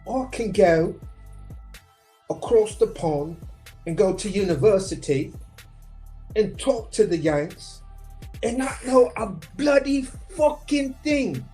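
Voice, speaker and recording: A man's voice: sits high, expressive, slow, pauses often, warm tone, soft background music, voice pushed up. A man mimicking a smug British man who brags that his accent makes Americans think he is brilliant, in an exaggerated mock-British accent. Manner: exaggerated, mocking.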